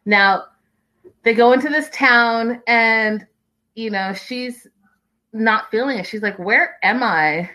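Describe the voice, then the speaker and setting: A woman's voice: on the high side, takes it slowly, pauses often, pushed and bright, rough recording. A woman hosting a casual recap, chatty and opinionated, with lots of "like"s. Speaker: reality show recap host.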